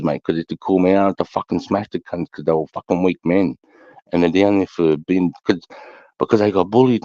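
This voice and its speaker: A man's voice: low-pitched, mellow, dry recording. A middle-aged Australian man, an army veteran hosting a casual chat, telling stories bluntly with heavy swearing. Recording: dull lo-fi sound.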